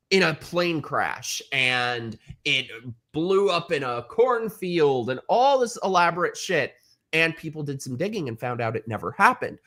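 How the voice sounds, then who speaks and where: A man's voice: on the high side, fairly bright tone. A man hosting a casual panel chat on a video call, telling rambling gossipy stories. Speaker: host.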